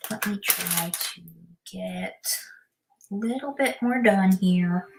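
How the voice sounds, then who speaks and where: A woman's voice: medium pitch, slow, heavy background noise. A woman casually chatting on a livestream, answering viewer comments and muttering to herself as she builds. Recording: music playing under the voice. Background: music.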